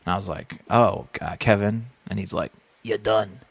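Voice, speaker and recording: A male comedian with a lowish voice, recorded dry and close. He rambles casually through anecdotes, acts out the people in them and swears easily. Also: moderate pace, vocal fry, husky, no room sound. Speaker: comedian and co-host. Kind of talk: casual podcast chat.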